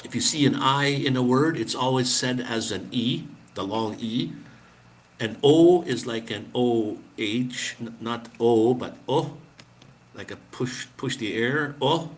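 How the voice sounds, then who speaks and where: A man's voice: mid-range voice, measured pace. A man chatting casually on a live stream, answering viewers, laughing often and restarting his sentences. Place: living abroad in the Philippines.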